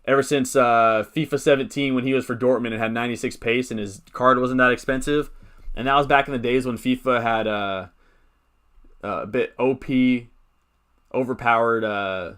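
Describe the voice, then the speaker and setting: A young man hosts a casual live stream, chatting loosely and drifting off on tangents. His voice sits at an ordinary middle pitch. Now and then he stops to read out comments from his viewers and answer them. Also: fairly bright tone. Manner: rambling, chats with viewers, reads out comments.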